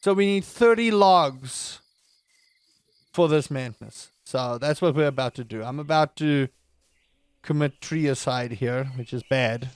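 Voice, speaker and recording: A man's voice: medium pitch, unhurried, clean tone, no room sound. A man giving playful, chatty let's-play commentary with jokey wordplay. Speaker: gaming host.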